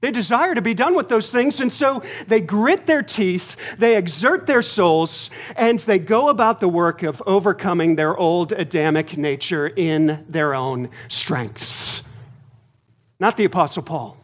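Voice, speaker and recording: A man with a notably high voice preaches a sermon at an unhurried pace. He lets his phrases land one by one and leans hard on key words, the way a pastor speaks to his congregation. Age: adult, married. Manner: deliberate, emphatic preaching with pauses and stressed words.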